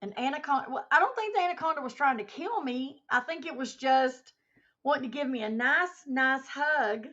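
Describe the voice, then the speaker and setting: With a high, bright, animated voice at normal speed, a woman tells a story on her casual livestream while reading chat comments aloud as she goes. The stream's audio sounds muffled and lo-fi.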